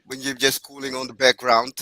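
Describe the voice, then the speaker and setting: A man with a Caribbean accent calling into a show, speaking in halting, restarting sentences. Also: medium pitch, completely flat delivery, sharp tone, dry recording. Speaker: caller. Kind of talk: casual call-in chat.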